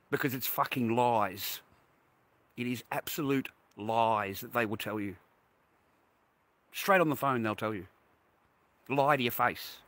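Sharp, husky man ranting at viewers. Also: mid-range voice. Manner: indignant, swears constantly, talks straight to viewers. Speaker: vlogger. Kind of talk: profane to-camera rant. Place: outdoors on a walk.

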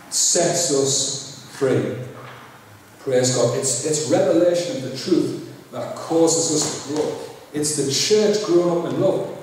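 Slow-preaching man in echoey hall. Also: a little high, a little mellow, slight background noise. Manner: frequent tag questions to the congregation; repeats "Praise God" between points. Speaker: pastor. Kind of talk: sermon. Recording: echoey hall, voice far from mic.

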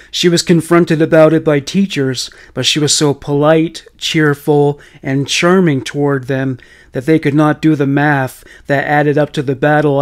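A man reading a scripted true-crime story in a measured, blunt manner with occasional profanity. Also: fairly high pitch. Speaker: narrator.

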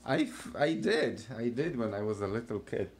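A woman's voice: very deep voice, expressive, moderate pace, darkish tone, a little hiss or hum. A woman hosting a casual family video, asking the children upbeat, coaxing questions. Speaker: family vlog host.

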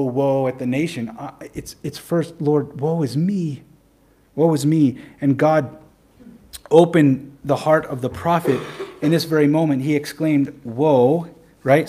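A man, a pastor, preaching a sermon in an earnest way, slowing down to stress key points and putting rhetorical questions to the congregation. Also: fairly high pitch, mellow.

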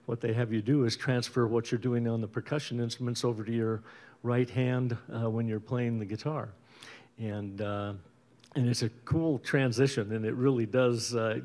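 A middle-aged man from Utah, a bandleader and guitarist, chatting casually between tunes at a concert in an easygoing, rambling way with many pauses and restarts. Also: mid-range voice, a little mellow. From Utah, USA. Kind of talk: casual stage banter introducing a concert. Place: indoor concert stage.

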